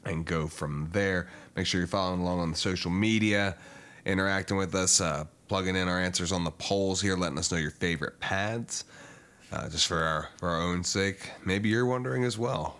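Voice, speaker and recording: A man with a very deep voice hosts a casual sports podcast. He talks in a loose, joking way, signing off to listeners. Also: fairly bright tone. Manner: loose, joking, wraps up the show. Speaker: podcast host. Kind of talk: casual chat.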